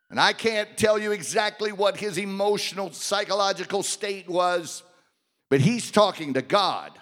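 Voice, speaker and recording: A man preaching a sermon, swinging between loud, raised passages and hushed, quiet ones. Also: sits high, expressive, moderate pace. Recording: long hall reverb.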